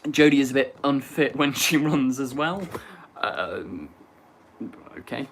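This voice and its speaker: Excitable young man, bright chatty voice. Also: medium pitch, slow pace. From England. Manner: chatty and excitable, bursts into shouted impressions. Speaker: livestream host. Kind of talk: casual chat.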